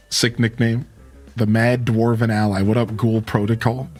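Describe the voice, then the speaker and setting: A man's voice: fairly low pitch, normal speed. Young male streamer, easygoing chatter with swings in his voice, faint guitar music behind. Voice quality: dynamic voice that peaks and drops. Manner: laid-back, animated, lots of "like" and "dude". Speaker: live streamer. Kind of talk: casual stream chat. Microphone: studio mic with equalizer and cutoff.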